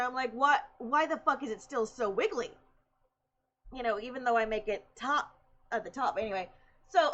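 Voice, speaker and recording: A woman's voice: high-pitched, highs cut off. A young woman streamer in casual chat, chatty and laughing often as she tells stories.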